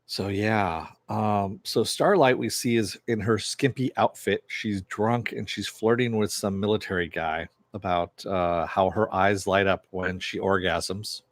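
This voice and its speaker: A man with a lowish voice, recorded dry and close with no room sound. He retells a TV episode in a loose, chatty way, with fillers and the odd swear word. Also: unhurried, few pauses, dry recording. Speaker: TV show reviewer. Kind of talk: casual episode recap.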